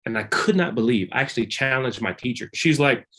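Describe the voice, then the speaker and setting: A man's voice: brisk, slightly rough. A man, a wellness practitioner, telling a candid personal story in loose, conversational speech with many repeats. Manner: animated, acts out quoted dialogue with big pitch jumps.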